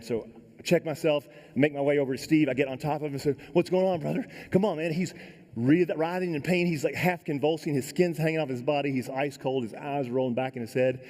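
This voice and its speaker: A middle-aged man giving a keynote talk, telling a dramatic story in a folksy, animated way and acting out the other voices. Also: medium pitch. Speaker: keynote speaker. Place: large conference hall. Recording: echoey hall sound.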